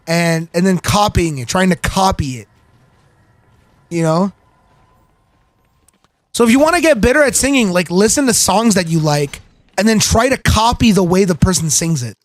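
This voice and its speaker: High-voiced man rambling over gameplay. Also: dry recording. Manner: rambling, filler-heavy, giggly. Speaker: gaming streamer. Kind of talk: casual gameplay chat.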